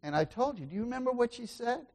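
Very high-pitched, animated, and fast, a pastor preaches a sermon full of questions for the congregation. He swings from loud exclamations to quiet asides and back.

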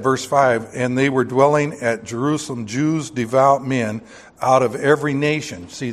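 A man preaching a sermon in a folksy, joking way, with sudden bursts of emphasis. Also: mid-range voice. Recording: long hall reverb.

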